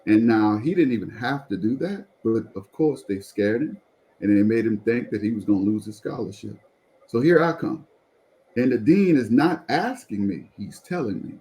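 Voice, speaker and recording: A pastor telling a personal testimony in conversation, animated and repeatedly drawing the listener in to follow along. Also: male voice, medium pitch, moderate pace, low-quality recording.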